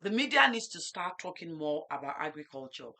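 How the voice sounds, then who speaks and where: A middle-aged Nigerian woman, a farmer hosting a casual talk show, telling animated stories and dropping in Yoruba phrases. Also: sits low, brisk.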